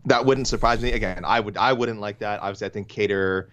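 A man's voice: fairly low pitch, fast, a bit bright. A man co-hosting a casual MMA talk show, rambling and thinking aloud with many restarts. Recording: dull lo-fi sound.

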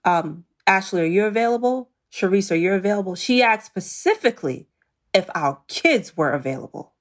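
A woman's voice: medium pitch, expressive, moderate pace. A woman guest on a podcast in casual interview chat, talking emphatically and repeating key phrases.

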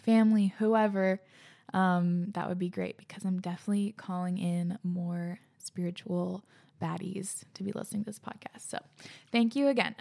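A young woman hosting a podcast, out of breath, chatting in a bubbly, slangy way that often drops into soft near-whispers, and reading out listener letters. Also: on the low side, fairly even intonation, normal speed, vocal fry. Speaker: podcast host.

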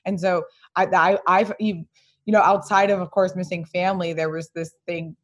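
A woman hosting a casual chat, candid and animated, often acting out what others said to her. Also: fairly low pitch, moderate pace, dull audio. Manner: candid, animated storyteller who acts out quotes. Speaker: podcast host.

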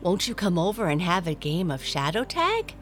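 A curious young black cat from a children's storybook, put on by a woman reader. Her voice sits high above the reader's own and swings about as she asks eager questions. Music plays clearly behind her. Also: big pitch swings, moderate pace. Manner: eager, wide-eyed questioning.

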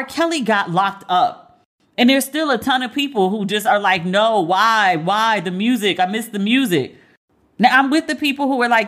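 A woman talks straight to her audience in an unscripted commentary, blunt and profane. She retells what people said with animated acted-out voices, in a voice of ordinary middle pitch. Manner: candid, profane, animated storytelling; acts out other people's voices while retelling. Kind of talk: casual commentary monologue.

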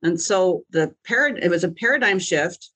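A woman, a podcast guest who tells her story in a lively, jokey way and acts out the voices of the people in it. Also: lowish voice, normal speed, slightly rough, rough recording. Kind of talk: animated storytelling chat.

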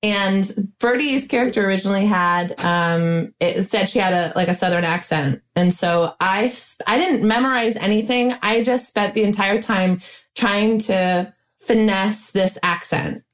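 A woman's voice: medium pitch, unhurried. A woman from the United States, a voice-actress guest chatting casually in a bubbly, talkative way with laughs between phrases. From Western Massachusetts, US. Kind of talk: casual chat.

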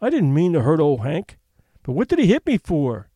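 Man doing a bratty little kid, high and sulky, dry close sound. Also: wildly swooping pitch, moderate pace, mellow, dry recording. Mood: sullen. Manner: sullen, threatening. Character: wild bratty young boy Red Chief.

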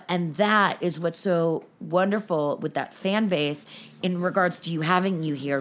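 A young woman hosting a podcast, chatting candidly and emotionally, close to tears at times. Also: low-pitched. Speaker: podcast host. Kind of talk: casual chat.

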